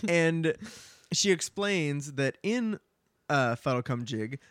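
A man's voice: fairly high pitch, expressive, slow, fairly bright tone, dry recording, studio quality. A man co-hosting a podcast, retelling a book in casual chat with plenty of "like" fillers. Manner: chatty, heavy use of filler "like". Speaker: podcast co-host.

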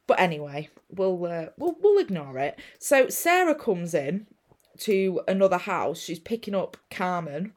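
A young woman with a slightly low voice recaps a film in casual chat. She swears freely and tells the story animatedly, acting out the characters' lines. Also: big pitch swings, unhurried. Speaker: podcast co-host.

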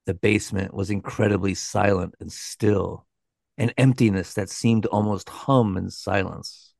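Male co-host narrator, low gravelly tone, unhurried, measured delivery. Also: steady tone, a little mellow, no echo. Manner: measured, dramatic, with a dry aside. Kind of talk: scripted storytelling narration.

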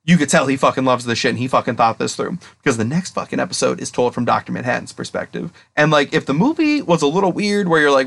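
Fast-talking, excitable young man. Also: mid-range voice, creaky. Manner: excited, heavy swearing, rapid rambling retelling. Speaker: podcast co-host. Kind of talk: casual chat.

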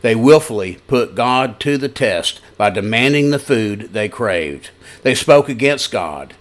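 A man's voice: mid-range voice, animated, unhurried. A male pastor giving a broadcast sermon, with conversational, folksy storytelling and scripture reading.

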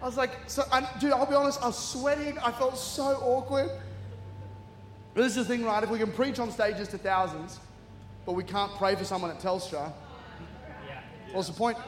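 An Australian man with an extremely high-pitched voice preaches as a guest, speaking at a normal speed with long pauses. His animated sermon mixes humor, self-mockery, and bursts of laughter for a congregation in a large church hall; the echoey recording has faint ambience and a little hiss or hum.

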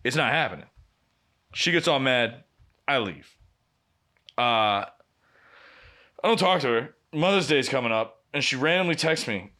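Bright, forceful young man, mid-pitched, blunt, profane, casual podcast chat. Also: animated, unhurried, long pauses. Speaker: podcast co-host.

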